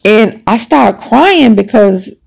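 A woman's voice: medium pitch, expressive, takes it slowly, creaky, slightly rough. A woman hosting a podcast, telling a personal story in a casual, emphatic, conversational way. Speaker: podcast host.

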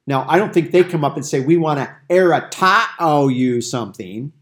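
Man teaching Bible Greek in a lively way. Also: fairly high pitch, moderate pace. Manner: explanatory, lively examples. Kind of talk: Bible study discussion.

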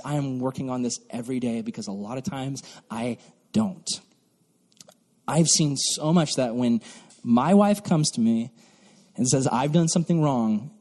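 A young man preaching a sermon to youth as a pastor, animated and acting out mocking voices. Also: fairly high pitch. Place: church hall. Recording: long reverb from a hall.

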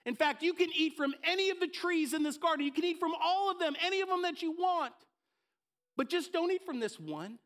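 A man's voice: extremely high pitch, animated, fairly quick, a bit bright, pitched above the performer's own voice. A man voicing God as a generous, fatherly figure giving plain instructions.

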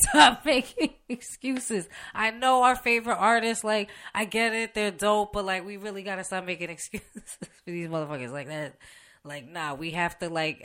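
A young woman on her podcast, talking unedited and straight off the cuff. She has a bright, sharp voice, swears constantly, and laughs in the middle of her own sentences. She is recorded in a radio station studio. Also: sits low. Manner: heavy swearing, blunt and opinionated, laughs mid-sentence. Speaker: podcast host. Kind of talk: unedited casual rant.

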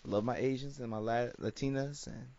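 A man's voice: medium pitch, fairly even intonation, normal speed, darkish tone. A man in casual chat, joking and playful with exaggerated reactions. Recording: dry, slightly dull sound.

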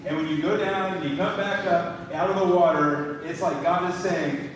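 A man's voice: high-pitched, fairly even intonation, moderate pace, few pauses, crowd noise. Enthusiastic male pastor in an echoey hall. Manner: enthusiastic, repeats phrases, drops to a hush for quotes. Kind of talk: sermon. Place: church fellowship hall. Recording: echoey hall, distant mic, noisy.

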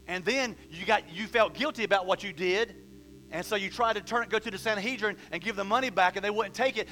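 Man, pastor, sermon, rhetorical questions, scripture reading, bright tone, faint hum behind. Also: high voice, fairly quick. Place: church hall.

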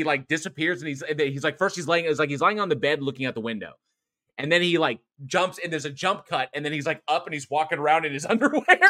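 A man co-hosting a podcast, chatting casually about a horror film, swearing often and restarting his sentences as he rambles. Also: on the high side. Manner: animated, profane, rambling with restarts. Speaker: podcast co-host.

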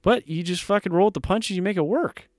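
A man's voice: high voice, fairly quick, a little mellow, no room sound, studio quality. A man in his thirties co-hosting a podcast, telling stories in a blunt, profane, fired-up way. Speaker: podcast co-host. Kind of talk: casual podcast chat.

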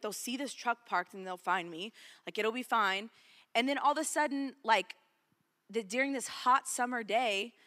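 A woman's voice: fairly high pitch, pushed and bright, big-room sound. A woman preaching a sermon in a casual, storytelling way, full of "like" and quoted dialogue. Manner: conversational storytelling, lots of "like".

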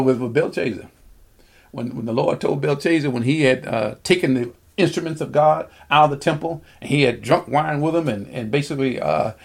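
Gravelly, husky male preacher. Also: medium pitch. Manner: rambling, repeats words, pauses to find passages. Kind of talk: sermon.

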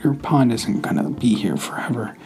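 A man voicing a cheerful, chatty male frog in a bedtime story, who throws in a croaking ribbit. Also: medium pitch, lively intonation, moderate pace, darkish tone.

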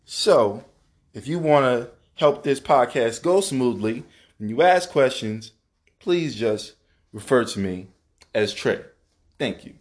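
A man's voice: mid-range voice, expressive, takes it slowly. Ranting, profane male podcast host. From New Orleans, Louisiana. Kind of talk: casual solo podcast monologue. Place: apartment at home.

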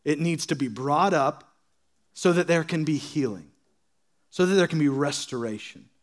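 A young pastor with a high voice gives a casual, joking sermon at a moderate pace. He pokes fun at petty quarrels by acting out churchgoers' lines as sarcastic asides.

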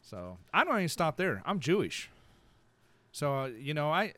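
A man's voice: fairly high pitch, big pitch swings, moderate pace, pushed and bright, no echo. A man co-hosting a podcast in casual chat, rambling and joking, and often repeating himself. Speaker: podcast co-host.

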